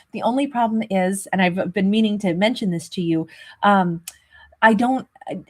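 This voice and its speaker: A woman hosting a live tarot stream, greeting viewers by name in a chatty, affectionate way, often laughing. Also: medium pitch. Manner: warm, chatty, laughs often, calls viewers babe and sweetheart. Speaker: tarot reader and channel host.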